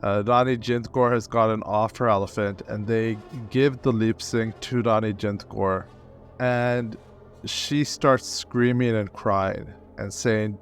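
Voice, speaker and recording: A man's voice: fairly low pitch, steady tone, unhurried, soft background music. A man, a guest historian on a podcast, recounting events in vivid, detailed storytelling with the odd filler.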